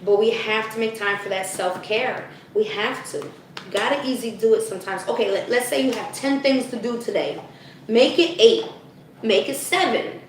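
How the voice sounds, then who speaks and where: Woman reading cards live, chatty, somewhat high voice, losing her voice, very echoey room, set back from the mic. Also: darkish tone, recorded from a distance, a little hiss or hum. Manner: chatty, addresses viewers as "guys", frequent "okay?". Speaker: spiritual card reader. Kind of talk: live-stream card reading.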